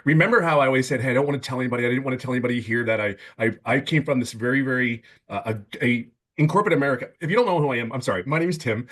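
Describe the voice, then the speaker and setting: A man's voice: medium pitch, racing, hardly any pauses. Man in his fifties, emphatic, word-repeating, casual testimonial, video call. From California. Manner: emphatic, repeats words when excited. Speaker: webinar guest.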